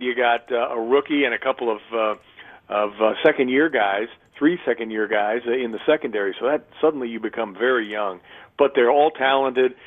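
A man, a radio play-by-play announcer, talking through a phone-in radio interview in a chatty, thorough way, restarting often. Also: medium pitch. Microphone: telephone. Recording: tinny phone line.

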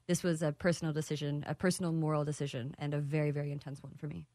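A woman's voice: deep voice, flat delivery, rapid-fire, mellow, no echo, clean studio sound. A woman from Texas as a guest, speaking thoughtfully with frequent hesitations. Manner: thoughtful, hesitant, many fillers. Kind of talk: casual interview.

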